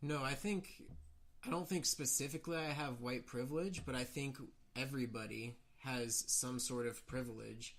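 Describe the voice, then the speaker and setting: A young man, a guest speaking from his own home, answers a host's question. His voice has a bright, forceful edge. He weighs his words thoughtfully. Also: mid-range voice, normal speed. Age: young adult. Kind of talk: interview answers.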